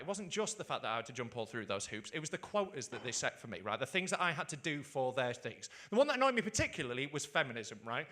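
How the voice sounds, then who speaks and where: A young adult man from the UK doing stand-up comedy. He is sweary and animated and keeps checking in with "right?". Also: sits high. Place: stage before a live audience.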